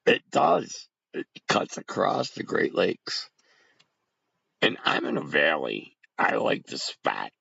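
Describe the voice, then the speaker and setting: Gravelly, rambling man on a livestream. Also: low-pitched, a bit bright, dry recording, lo-fi sound. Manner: rambling, talks to chat viewers by name. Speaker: livestream host. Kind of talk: rambling casual livestream chat. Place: home bunker.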